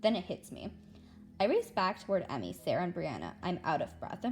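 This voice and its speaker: A woman reading a children's novel aloud, telling the story in the first person as a young girl. Her voice sits on the low side and rises and falls a lot as she reads expressively, with faint background music underneath. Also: sing-song, fairly quick. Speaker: read-aloud narrator.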